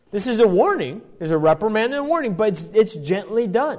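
A man teaching scripture, reading verses aloud and then unpacking them. His voice sits a bit high and moves a lot, rising and falling as he explains. He often restarts his sentences as he works through the text. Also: sing-song, brisk, darkish tone. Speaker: Bible teacher. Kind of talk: Bible teaching.

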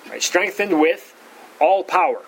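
A pastor giving an expository Bible teaching, repeating words and saying "all right" often, rising in pitch to stress key points. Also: male voice, a little slow, fairly bright tone, a little hiss or hum, low-quality recording. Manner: rises in pitch for emphasis.

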